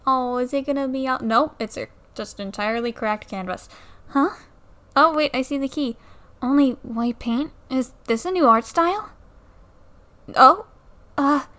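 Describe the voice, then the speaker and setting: A woman's voice: high-pitched, a bit bright. A young woman casually commenting on a game at home into a new mic, playfully reading the dialogue aloud and joking about it. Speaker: let's play creator. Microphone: new desktop mic.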